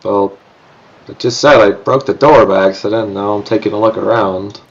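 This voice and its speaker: A man playing a tabletop game, casual and deadpan. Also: fairly low pitch, normal speed, lo-fi sound. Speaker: player.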